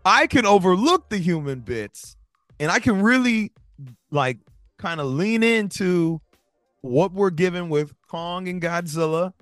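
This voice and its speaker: A man co-hosting a casual movie review chat, talking in animated bursts with stammering restarts and sudden jumps between loud and soft. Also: sits high, a little slow, no echo, clean studio sound, faint music behind. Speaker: podcast co-host.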